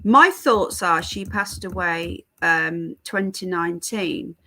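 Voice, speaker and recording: A woman's voice: lowish voice, slow pace, bright, forceful tone. An English woman chatting casually on a live stream, greeting viewers by name while fiddling with her stream settings. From England.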